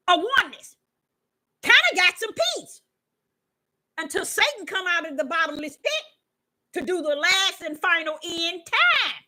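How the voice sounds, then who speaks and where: A fervent woman delivering a rambling preaching monologue in a high, bright voice. Her pitch leaps all over the place, and she swings from hushed asides to outright shouts. She stammers and restarts as she goes. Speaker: self-styled prophetess.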